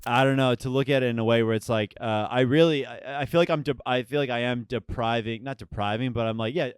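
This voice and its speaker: A young man talking casually on a podcast, halting and restarting often as he tells a story. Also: medium pitch, steady tone, clear, resonant tone, no room sound, clean studio sound. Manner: halting, full of restarts and filler. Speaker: guest.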